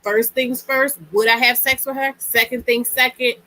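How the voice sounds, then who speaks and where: A woman's voice: a little high, little pitch movement, normal speed, bright, forceful tone, poor audio. A woman hosting a casual live-stream talk, speaking in a chatty, emphatic way and often repeating herself. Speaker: host.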